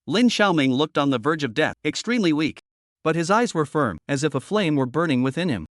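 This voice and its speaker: A man's voice: on the high side, big pitch swings, brisk, no echo, studio quality. A man narrating a comic story recap in a scripted, dramatic storytelling style.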